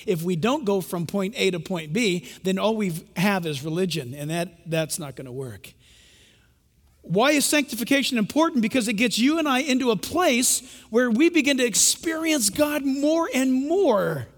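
Male pastor, sermon, very high voice, emphatic and direct with the congregation, long church reverb. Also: fairly bright tone.

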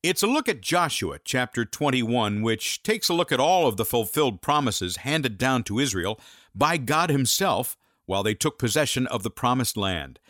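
A man reading a scripted radio announcement with a smooth, lively delivery. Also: medium pitch, moderate pace, no echo, studio quality.

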